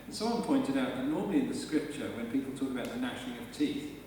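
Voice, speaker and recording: A man's voice: mid-range voice, expressive, fast talker, warm tone, slight background noise. Man preaching in an echoey church. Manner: conversational and emphatic, with rhetorical questions. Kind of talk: live sermon. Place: large church, indoors. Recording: echoey church hall from far off.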